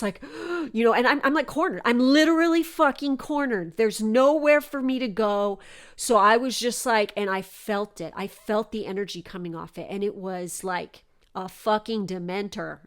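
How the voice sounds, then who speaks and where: A young adult woman hosting a podcast, telling a story in a casual, animated way and swearing often. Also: medium pitch. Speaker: podcast host.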